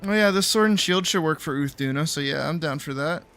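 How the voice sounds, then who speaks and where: A male streamer talks his way through a co-op game, throwing out plans and frank swears to his teammates. His voice sits a little high and comes across bright and forceful, and the talk stays relaxed and unscripted. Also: a little fast. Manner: chatty, swears freely, talks to teammates while playing. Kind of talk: casual gameplay chat.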